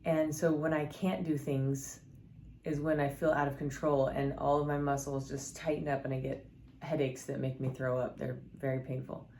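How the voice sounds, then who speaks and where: Her voice is bass-deep and darkish, level in tone, at a moderate pace, with a little hiss or hum in the recording. This middle-aged scripture storyteller candidly and earnestly weaves personal stories with scripture, restarting often and using plenty of fillers.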